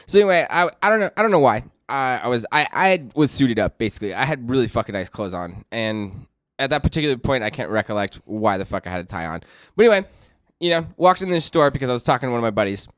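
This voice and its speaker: Profane, animated male podcast co-host. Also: fast, no room sound, studio quality. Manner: profane, animated storytelling, acts out quotes in shrill voices. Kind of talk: casual chat.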